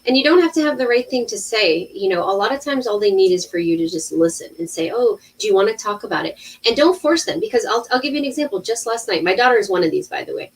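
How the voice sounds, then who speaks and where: A woman in her thirties, an intuitive healer talking casually on a livestream, animated, with many restarts. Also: medium pitch, fast, hardly any pauses, recorded from a distance, low-quality recording. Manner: animated storytelling with acted-out quotes and many restarts.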